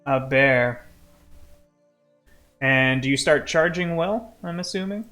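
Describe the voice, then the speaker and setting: A man narrating as game master of an online tabletop game, deliberate and unhurried. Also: mid-range voice, sharp tone, soft background music.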